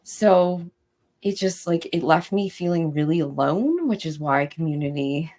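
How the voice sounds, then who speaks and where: A woman's voice: low voice, expressive, unhurried, darkish tone. A young adult woman in casual podcast conversation, telling her story with animation and acting out quoted lines.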